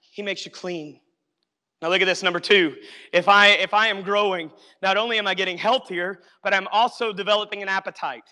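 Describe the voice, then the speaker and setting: A man's voice: high voice, fairly even intonation, a little fast, bright, forceful tone. A male pastor preaching a sermon, emphatic and repetitive, often calling out to the congregation to listen. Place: church sanctuary. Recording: long hall reverb.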